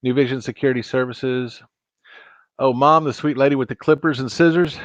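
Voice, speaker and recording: A man's voice: medium pitch, fairly even intonation, a little fast, no echo, highs cut off. A man chatting casually with viewers while hosting a live stream, rambling and restarting his sentences. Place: home studio at a computer.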